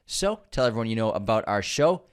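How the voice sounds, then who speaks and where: A man's voice: fairly low pitch, a little fast, clear, resonant tone. A man with a nasal voice, co-hosting a podcast, chatting casually and reading out the show's support plugs. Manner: relaxed banter, friendly plug delivery. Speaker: podcast co-host. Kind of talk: casual chat and read-out show promos.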